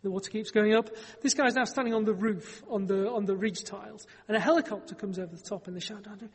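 A man's voice: sits high, steady tone, fast talker, breathy edge, long reverb tail. A man preaching a sermon, telling a Bible story in a conversational way with wry joking asides.

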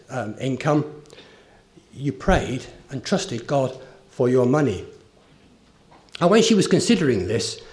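A man's voice: medium pitch, a little mellow. A man preaching a sermon, earnest and emphatic, with a story told along the way. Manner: earnest, rising emphasis on key phrases.

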